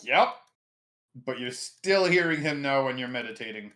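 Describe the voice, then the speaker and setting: A man's voice: mid-range voice, expressive, normal speed, pushed and bright. A man running a tabletop game as game master, easygoing and laughing often.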